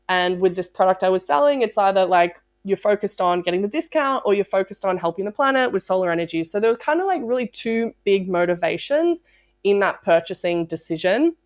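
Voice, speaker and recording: A woman talking casually as a sales coach, bubbly and chatty, with lots of "like" fillers. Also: mid-range voice. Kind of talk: casual motivational talk.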